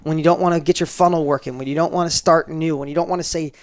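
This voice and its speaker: Middle-aged man, interview guest, rapid speech, slightly high voice, emphatic storytelling. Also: no echo, clean studio sound. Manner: emphatic, animated, acts out quoted dialogue.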